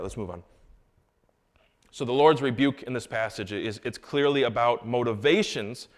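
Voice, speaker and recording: A man's voice: medium pitch, fairly bright tone. A young adult man preaching a sermon in a church sanctuary, in a conversational way that breaks into emphatic rises. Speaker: pastor.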